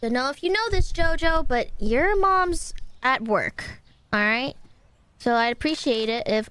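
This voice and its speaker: A woman streaming a game and chatting casually with her audience, playfully dramatic and mock-indignant. Her voice sits high and swings widely in pitch. She talks at an unhurried pace. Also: lively intonation, pushed and bright. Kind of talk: casual livestream chat while gaming.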